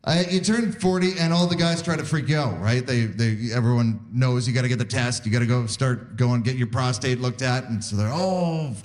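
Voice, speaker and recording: A man in his forties from Canada doing a stand-up set, animated, jumping into high squeaky voices for his bits. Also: normal speed, hardly any pauses. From Saskatoon, Canada. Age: 40s. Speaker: stand-up comedian. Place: live comedy venue with audience. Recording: live set with audible crowd noise.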